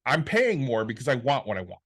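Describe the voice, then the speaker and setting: A man's voice: mid-range voice, sing-song, brisk, fairly bright tone. A man co-hosting a podcast in casual chat, blunt and exasperated, swearing often. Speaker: podcast co-host.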